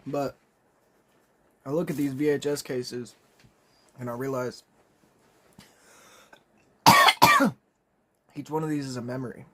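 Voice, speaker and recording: A young man telling a comedic story in a casual, rambling way, swearing often and clearing his throat and coughing. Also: mid-range voice, huge pitch swings, slow, long pauses, background noise.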